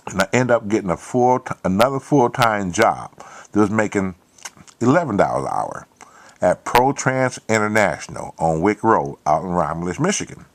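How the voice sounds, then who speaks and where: Middle-aged man, low voice, emphatic profane storyteller. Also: expressive, moderate pace. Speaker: channel host. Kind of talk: storytelling monologue.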